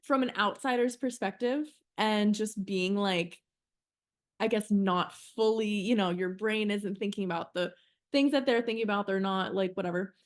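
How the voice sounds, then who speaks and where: A young woman co-hosting a podcast in person, talking in an animated, emphatic way, swearing freely and filling her speech with "like" and "you know". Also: mid-range voice, normal speed. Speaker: podcast co-host. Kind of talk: casual chat. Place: in person with co-host.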